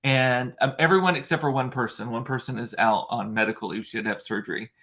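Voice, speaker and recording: A man's voice: mid-range voice, fast, sharp tone. A man hosting a casual solo chat show, talking in a chatty, rambling way with frequent fillers. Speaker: host.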